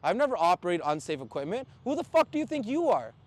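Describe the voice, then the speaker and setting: A man's voice: high voice, very animated, fast talker. A man from Canada, a truck driver, ranting in blunt, profane casual talk with angry outbursts. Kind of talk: heated casual rant.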